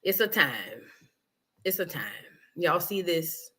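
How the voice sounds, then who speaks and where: A woman's voice: fairly low pitch, sing-song, takes it slowly, sharp tone, breathy edge. A woman hosting a casual reaction livestream, rambling and talking straight to her viewers. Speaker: livestream host.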